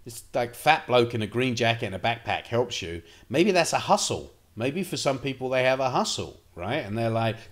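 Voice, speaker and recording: A man tells stories to his camera with a lively voice that swoops up and down as he goes. He rambles, swears freely and keeps the talk casual, at a middle pitch. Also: moderate pace, hardly any pauses. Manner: animated, profane, rambling anecdotes. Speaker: vlogger.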